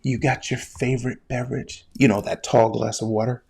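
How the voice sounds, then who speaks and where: Man, medical educator, storytelling lesson, conversational, direct address, mid pitch. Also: normal speed, creaky, slightly rough. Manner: addresses the listener directly, guided imagery; animated, conversational. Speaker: medical educator and former flight paramedic.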